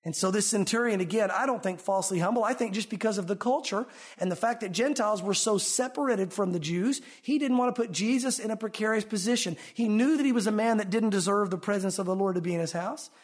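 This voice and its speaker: A male pastor preaching a sermon in an animated way, swinging between emphatic and hushed delivery. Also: high-pitched, quick pace.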